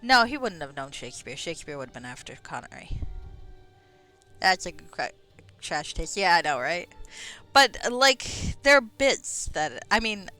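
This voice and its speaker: A woman chats through a game stream with a bright, lively voice that swoops up and down as she rambles off on tangents, curses and teases herself. She sits close to the mic, her breathing audible, with faint music in the background. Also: lowish voice, moderate pace. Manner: chatty, tangents, swears, laughs at herself. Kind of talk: casual rambling chat. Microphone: close microphone.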